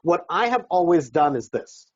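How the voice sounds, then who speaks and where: A man's voice: fairly high pitch, sing-song, moderate pace, slightly rough, muffled recording. A man coaching real estate investors in a seminar talk, conversational, acting out doorstep dialogue and often asking "right?".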